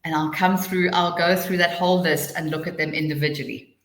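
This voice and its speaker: A woman runs a live teacher-training webinar in a chatty, hurried way, sometimes laughing at herself. Her voice sits a little low. The sound is echoey, as if from a bare room. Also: fairly even intonation. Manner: chatty, rushing then slowing down, laughing asides. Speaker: TEFL trainer hosting a webinar.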